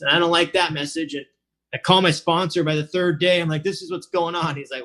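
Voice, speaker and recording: Man in his forties, casual personal talk, slightly high voice, loose and rambling delivery. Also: fast, sharp tone. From Southern California. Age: 40s. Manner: casual, rambling, many fillers and restarts. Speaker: recovery meeting speaker. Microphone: online meeting.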